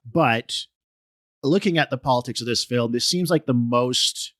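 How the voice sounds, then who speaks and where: A man co-hosting a film podcast in casual discussion, talking haltingly with many restarts and fillers. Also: medium pitch, fairly bright tone, dry recording, studio quality. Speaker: podcast co-host.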